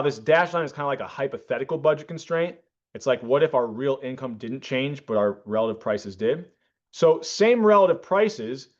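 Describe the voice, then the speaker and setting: Male lecturer, a bit high-pitched, patient explainer who corrects himself, dull classroom recording. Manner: explanatory, self-correcting, rhetorical checks. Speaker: economics lecturer.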